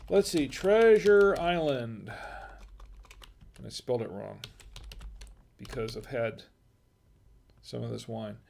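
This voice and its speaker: A man's voice: mid-range voice, slow pace, vocal fry, pauses often, a little mellow, slight background noise. A middle-aged man hosting a wine review livestream, chatting casually in a rambling, digressive way and chuckling often. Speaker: host of a wine review show.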